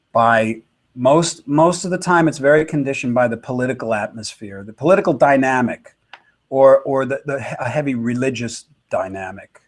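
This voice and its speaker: A man in his fifties, a touring musician telling a reflective story with many fillers and restarts. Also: mid-range voice. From United States.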